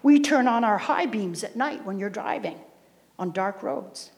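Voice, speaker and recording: A woman preacher giving a sermon, emphatic, repeating key phrases and putting questions to the congregation. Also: fairly high pitch. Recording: reverberant hall sound.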